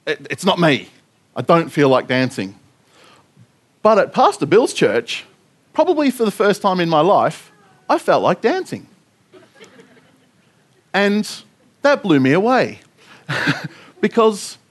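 A man speaking as a pastor, giving an earnest sermon testimony, telling a story with frequent restarts. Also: fairly high pitch.

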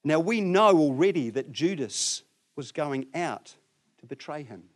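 A man delivers a sermon in an animated storytelling way, his slightly high voice climbing and dropping as he plays out the people in the story. He talks to the congregation directly and acts out the scene. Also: unhurried. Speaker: preacher.

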